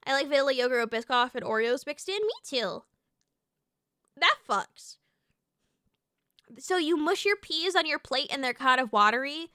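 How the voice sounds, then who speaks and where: A woman streamer chatting casually with her live chat, excitable and swearing freely, with lots of fillers and restarts. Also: high voice, moderate pace, long pauses, no echo, studio quality.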